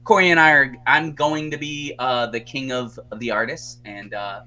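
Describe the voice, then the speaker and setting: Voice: medium pitch, fairly even intonation, normal speed, bright, forceful tone. A livestream host and artist chatting casually to viewers while coloring, rambling with fillers.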